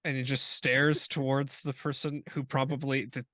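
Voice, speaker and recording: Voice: medium pitch, flat delivery, normal speed, a bit bright, no echo, clean studio sound. Chatty rambling tabletop player. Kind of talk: casual tabletop play.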